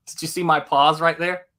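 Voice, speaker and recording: A man hosting a live stream in casual chat, animated and laughing often, speaking in a General American accent. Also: on the high side. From United States. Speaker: livestream host.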